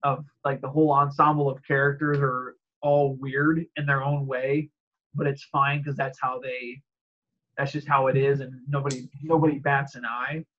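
A man's voice: medium pitch, level tone, normal speed, highs cut off. A man in casual chat, rambling and laughing often as he acts out quoted exchanges.

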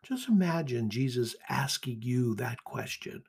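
Husky-voiced man giving a devotional reflection. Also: mid-range voice, expressive, measured pace, a little mellow. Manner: earnest, inviting, speaks straight to the listener. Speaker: host of a daily reflection podcast. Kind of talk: devotional reflection and scripture reading.

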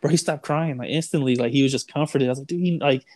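A man's voice: mid-range voice, fast, a little mellow, dry recording. A young man telling a story in casual chat, rambling with lots of "like", "dude" and "bro". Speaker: storyteller guest.

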